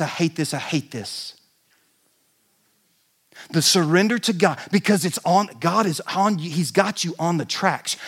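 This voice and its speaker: Male pastor, high-pitched, lively sermon storyteller who shouts for effect. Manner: animated storytelling, shouting in bursts.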